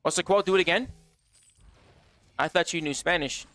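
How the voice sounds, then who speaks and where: Brash, high-voiced gaming streamer guy. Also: moderate pace, long pauses, a bit bright. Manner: brash, profane, joking, talks straight to chat. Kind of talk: casual livestream chatter.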